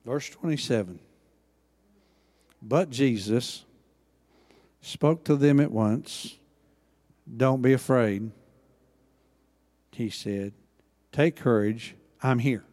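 A man preaching a sermon, acting out Bible dialogue with lively emphasis. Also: medium pitch, very slow, long pauses, big-room sound. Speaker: pastor.

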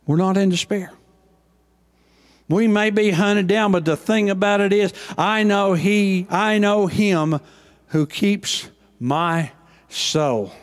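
An older man, preaching a sermon as pastor with passion and swings between loud and hushed delivery. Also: high voice, slow.

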